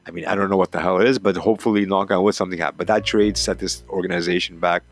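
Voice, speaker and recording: A man's voice: low-pitched, fairly even intonation, racing, faint music behind. A man hosting a hockey talk show, ranting in a profane, heated, rambling way. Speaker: hockey podcast host. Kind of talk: casual rant, reading a column aloud.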